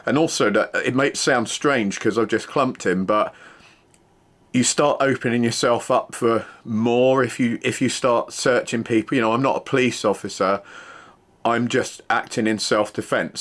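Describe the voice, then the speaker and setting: A middle-aged man, a former security worker, telling a story in a casual, matter-of-fact way with plenty of fillers. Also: on the low side.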